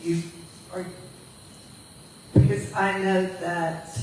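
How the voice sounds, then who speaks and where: Male questioner, unusually high and very slow, distant mic in a booming room. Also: level tone, heavy reverb, background noise. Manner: drawn-out, pausing between words. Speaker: audience member asking a question. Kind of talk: questions at a talk.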